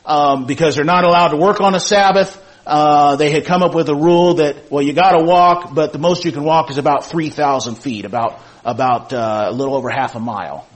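Guy teaching bible study, kinda high voice, reads verses then quizzes the class. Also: brisk, few pauses, rough recording. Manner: reads scripture aloud in King James wording, repeats key points, asks the class questions.

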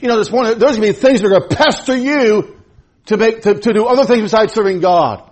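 A male pastor in a church delivers his sermon in a raised, husky voice that sits high for a man. He repeats words and stumbles when he gets excited, then suddenly drops into low, quiet asides before climbing back up. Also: fast talker.

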